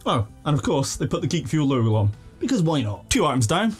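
A young man hosting an unboxing video at home, chatting with excited enthusiasm and laughing now and then. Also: a little high, fast talker, husky, faint music behind. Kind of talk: casual unboxing commentary. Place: living room at home.

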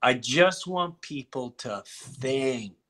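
A middle-aged man from Long Island, a comedian telling lively stories in a casual chat and swearing freely. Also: medium pitch, takes it slowly. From Long Island, New York. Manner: animated, heavy swearing, restarts. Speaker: comedian guest.

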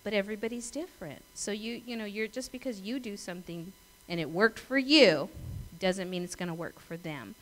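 In a chatty sermon, a middle-aged female pastor shares stories, laughs and asks the congregation questions. She speaks fairly quickly at a medium pitch, and the audio is poor.

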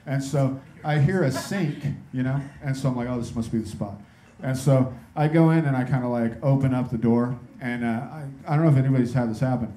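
A man's voice: medium pitch, fairly quick, hardly any pauses, a little hiss or hum. Incredulous man telling a stand-up story. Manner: incredulous, lively storytelling with acted-out asides. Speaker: stand-up comedian. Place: comedy club stage.

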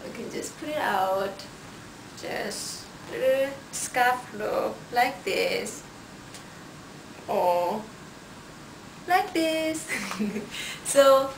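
A woman's voice: mid-range voice, a little hiss or hum. A woman presenting clothes as a stylist, showing each piece and repeating "like this". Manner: unhurried, shows each item with "like this". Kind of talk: product styling demo. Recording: roomy sound from a distance.

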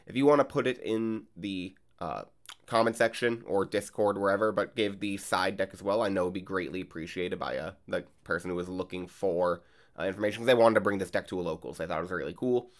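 A man hosting a card game channel, chatting casually and rambling with lots of fillers. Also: deep voice. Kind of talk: casual gameplay vlog and commentary. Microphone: desk mic while recording gameplay.

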